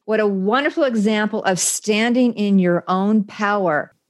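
A woman's voice: mid-range voice, moderate pace. Reflective woman hosting an interview. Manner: reflective, often restarts sentences. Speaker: podcast host. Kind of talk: supportive interview conversation.

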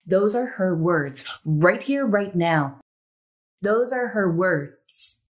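A woman hosts a spiritual interview in an earnest, emphatic way. She returns to her key phrases again and again. Her voice sits slightly low. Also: lively intonation, slow, poor audio. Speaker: podcast host.

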